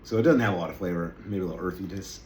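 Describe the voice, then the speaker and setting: An American vlogger with a low voice talks rapid-fire to his camera while tasting snacks, chatty and rambling as he pokes fun at himself. The room is echoey with faint noise.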